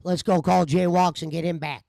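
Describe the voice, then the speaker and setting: A man's voice: sits high, steady tone, moderate pace, creaky, a little mellow, no room sound. A man talking on his livestream, venting about getting angry at a commenter. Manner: aggrieved, venting. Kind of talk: casual livestream talk.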